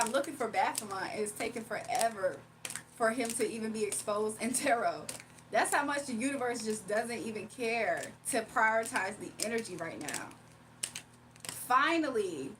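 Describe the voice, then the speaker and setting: A woman with a somewhat high, slightly bright voice reads tarot on a livestream, captured on a distant mic with a bit of hiss or hum. She reads chat comments aloud and swaps blunt, sassy trash talk, laughing often.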